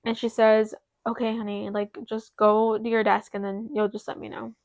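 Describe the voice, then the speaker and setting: A young woman co-hosting a podcast, telling a personal story in an animated way and close to tears. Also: mid-range voice, moderate pace, no room sound, muffled recording. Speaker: podcast co-host. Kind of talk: casual chat.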